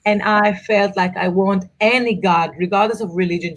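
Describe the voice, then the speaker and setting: A middle-aged woman, an author and mother of four, chatting in an interview and telling travel stories with animated asides. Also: mid-range voice. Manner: animated storyteller, quick asides. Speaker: author and guest. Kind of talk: casual interview chat.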